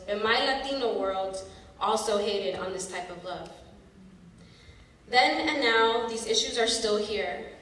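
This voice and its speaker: A woman in her thirties from San Francisco telling a personal story on a theater stage, expressive and dramatic. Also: fairly high pitch. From San Francisco, USA. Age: 30s. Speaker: storyteller performer. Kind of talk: spoken-word personal storytelling. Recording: echoey hall from far off, faint noise.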